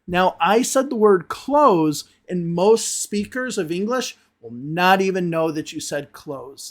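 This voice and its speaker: Guy with a higher voice going over english mistakes, repeats words slowly to show how they sound. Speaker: English teacher. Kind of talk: video lesson on common mistakes.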